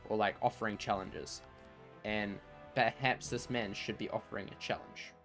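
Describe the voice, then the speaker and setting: A game streamer with a lowish, slightly bright voice keeps a steady tone and moderate pace while faint music plays behind him. He rambles casually through the livestream, saying "like" and "you know" a lot.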